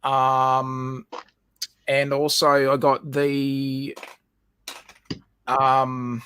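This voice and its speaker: A man's voice: medium pitch, monotone, drawn-out words, fairly bright tone, a little hiss or hum. An Australian man co-hosting a livestream, rambling and giggling, with lots of ums and restarts. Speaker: livestream co-host. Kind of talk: casual chat.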